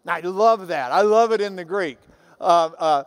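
A man preaching a sermon as pastor, animated, dropping to soft asides. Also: high-pitched, normal speed, smooth. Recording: long hall reverb.

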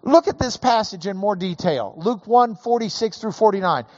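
A man preaching a sermon, slow and emphatic, building to raised emphasis on key points. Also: sits high, lively intonation, darkish tone, dry recording, lo-fi sound. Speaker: pastor.

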